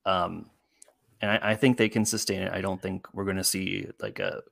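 A man's voice: low voice, moderate pace, creaky, fairly bright tone, no echo, studio quality. A man on a casual sports talk panel, speaking hesitantly with repeated words and many ums. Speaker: co-host panelist.

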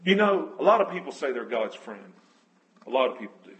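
A man's voice: mid-range voice, big pitch swings, fairly quick, rough recording. A man preaching a conversational sermon, telling scripture stories earnestly and correcting himself as he goes. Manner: emotional, moved near tears.

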